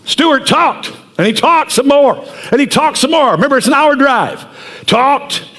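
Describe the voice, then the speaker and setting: A man in his sixties, a pastor telling a story in a sermon in an animated, earnest way. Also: extremely high pitch, a little slow.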